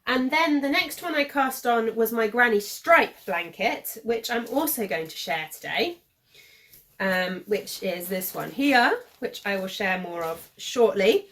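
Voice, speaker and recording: A woman in her thirties from the UK hosting a knitting podcast, rambling casually with lots of fillers and self-corrections, a little hoarse as she is losing her voice. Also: medium pitch, fairly bright tone. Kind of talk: casual show-and-tell chat.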